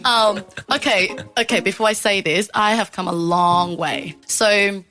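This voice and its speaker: A woman's voice: medium pitch, steady tone, unhurried, pushed and bright. A woman in her twenties on a blind date, telling frank stories in a chatty way. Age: 20s. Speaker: dating contestant. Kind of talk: casual chat. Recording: music bed under the talk.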